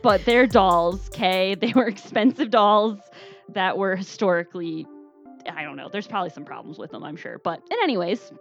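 A woman co-hosting a podcast in casual chat, animated and quick to laugh. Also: medium pitch, lo-fi sound, soft background music. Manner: animated, laughing, swears freely. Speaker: podcast co-host.

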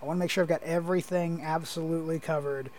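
A male podcast co-host talks into a headset in a small home studio. His voice sits a little high for a man. He rambles and hesitates, filling gaps with ums and uhs. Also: fairly even intonation, quick pace, darkish tone. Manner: rambling, hesitant with many fillers. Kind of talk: casual podcast chat.

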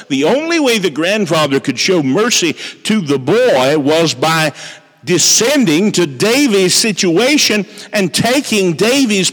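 A man preaching a sermon, telling a story with dramatic shifts in pitch and pace. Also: fairly bright tone, in a large hall.

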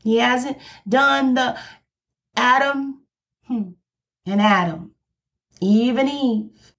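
A woman pastor preaching a sermon, slow and emphatic, declaring each point firmly. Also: a little high. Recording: dull lo-fi recording.

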